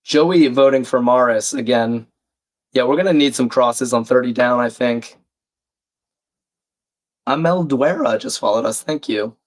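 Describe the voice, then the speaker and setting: Man, croaky, under the weather, chatty stream host reading out chat, mid-pitched. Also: measured pace, pauses often. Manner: chatty, reads chat aloud, self-deprecating. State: croaky, a bit sick. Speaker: livestream crossword host. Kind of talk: casual live-stream chat.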